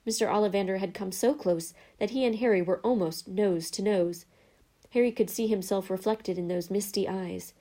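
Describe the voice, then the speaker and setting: A woman narrating a storybook in a calm, even reading voice. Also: mid-range voice, moderate pace.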